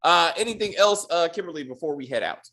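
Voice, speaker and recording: Animated man hosting a casual recap. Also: fairly high pitch, quick pace. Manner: animated, profane, quotes characters in mock voices. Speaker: podcast host.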